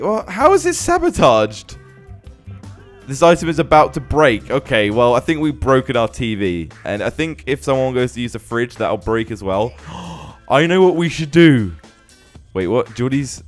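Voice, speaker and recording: A young man hosts a gaming video in a casual, joking way, laughing often and calling out to the characters on screen. His pitch is average but swings widely. Soft music plays quietly underneath. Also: a little slow. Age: young adult. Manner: laughing, animated, exclaims at the screen. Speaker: gaming channel host. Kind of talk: casual game commentary.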